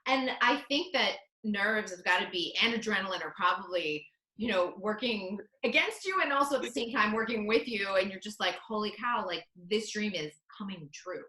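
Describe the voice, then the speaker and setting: A woman host speaks in an enthusiastic, chatty way, keeping the talk moving with follow-up questions. Her voice is bright and clear. It is recorded with a noticeable roomy echo around it. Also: medium pitch, animated, normal speed. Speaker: interview host. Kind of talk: casual interview chat.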